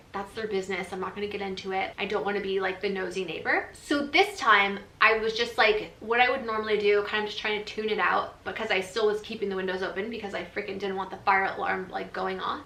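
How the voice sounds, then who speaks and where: A woman's voice: medium pitch, brisk, sharp tone. A woman vlogger telling a story in a frank, chatty way, full of filler words. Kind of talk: storytime chat. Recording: roomy echo.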